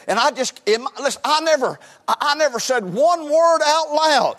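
A man's voice: extremely high pitch, lively intonation, moderate pace, fairly bright tone. An older man preaching a sermon in a church, telling his testimony with emphatic repetitions and stammered restarts. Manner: emphatic, repeats "listen" and stammers into phrases. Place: church sanctuary. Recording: long hall reverb.

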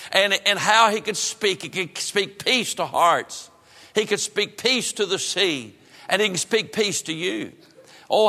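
A man preaching with a high, bright voice, full of fervent repetition that sinks to a hush on the solemn lines. His voice rings through a church hall with a long reverb. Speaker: pastor. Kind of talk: sermon.

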